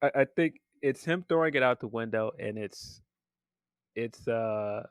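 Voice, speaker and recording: A man's voice: mid-range voice, a little slow, clear, resonant tone, no echo. A man co-hosting a podcast, chatting casually and acting out quotes while laughing. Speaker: podcast co-host.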